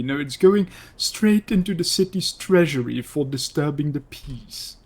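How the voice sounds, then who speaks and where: A man's voice: a little high, normal speed, hardly any pauses, darkish tone. A man roleplaying in character, telling a story in a dry, exasperated way over voice chat.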